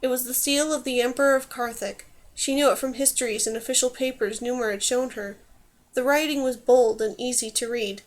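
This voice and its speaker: High-voiced woman reading a novel. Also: fairly even intonation, a little fast. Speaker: audiobook reader. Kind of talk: scripted narration.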